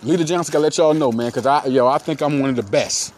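A man's voice: mid-range voice, fast, a little mellow. A man hosting a solo sports podcast, hyping players and repeating himself with lots of slang and "baby". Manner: hype, repetitive, calls listeners "baby". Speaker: podcast host.

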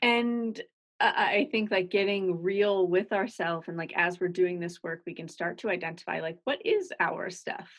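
A woman's voice: fairly low pitch, steady tone, moderate pace. A woman hosting a parenting podcast who talks in a casual, chatty and enthusiastic way while sharing a story. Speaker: podcast host. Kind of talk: podcast interview.

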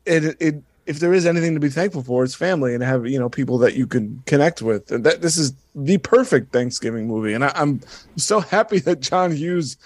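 A man talking eagerly and earnestly, with plenty of "you know" and "uh" fillers. His voice sits a little higher than usual for a man. The sound is dry and close, with no room echo. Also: animated, fairly quick. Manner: earnest and enthusiastic, with many fillers. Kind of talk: casual chat.

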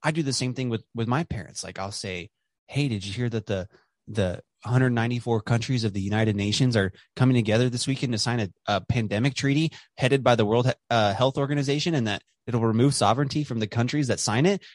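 A man in casual podcast conversation who rambles and restarts his sentences, dropping fillers and the odd swear word. His voice sits at an everyday middle pitch. The recording is dry with no room sound. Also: fast talker, no room sound. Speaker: podcast host.

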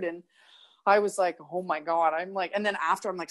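A woman's voice: fairly low pitch, fairly even intonation, brisk. A young woman from Canada, a guest in a casual interview, telling stories animatedly, acting out quotes and laughing often. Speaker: guest, kettlebell athlete.

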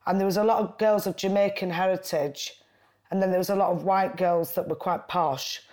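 A woman in her forties with a Bolton Lancashire accent, a guest talking in a lively, chatty way and slipping into quoted voices. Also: fairly low pitch, moderate pace. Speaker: guest, writer and comedian. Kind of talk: casual conversation.

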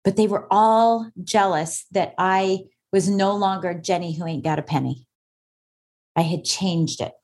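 Woman guest on a podcast, forthright and emphatic, average pitch, tells it straight. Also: a little slow, a little mellow. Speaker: guest, author. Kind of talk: conversational interview.

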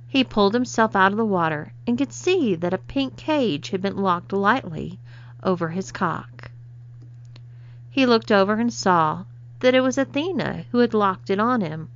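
A woman reading a story aloud in calm, even narration. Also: mid-range voice. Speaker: story reader. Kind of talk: scripted narration. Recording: slightly dull lo-fi recording.

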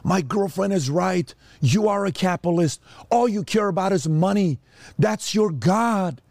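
A man voicing a resentful grown son who lashes out at his father in a high, strained voice. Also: measured pace, creaky, a little mellow, dry recording. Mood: bitter.

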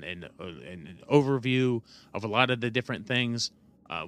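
A man hosting a solo podcast monologue, explaining in a loose, relaxed way with frequent fillers and self-corrections. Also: mid-range voice, slight background noise. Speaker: podcast host.

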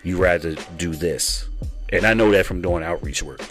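A man's voice: sits low, moderate pace, faint music behind. A middle-aged man from Baltimore with a mild Baltimore accent, hosting a podcast in casual chat and often repeating himself. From Baltimore, USA. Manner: laid-back, repeats himself. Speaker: podcast host.

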